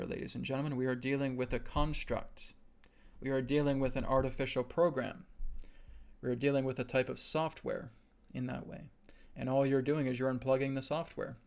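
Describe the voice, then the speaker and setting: Brief: male spiritual host, mid-pitched and gravelly, earnest and insistent. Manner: earnest, repetitive, with emphatic "right?" asides. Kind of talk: spiritual teaching on a live stream.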